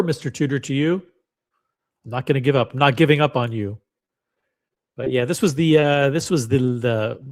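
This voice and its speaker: Chatting with viewers on a laid-back livestream, this host rambles and pokes fun at himself. His mid-range voice is expressive, at a normal speed, with long pauses.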